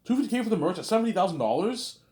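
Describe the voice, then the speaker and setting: A man's voice: high voice, big pitch swings, racing, darkish tone, reverberant, voice pushed up. A man voicing a pushy, greedy male business partner who insists and keeps repeating the listener's name. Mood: insistent.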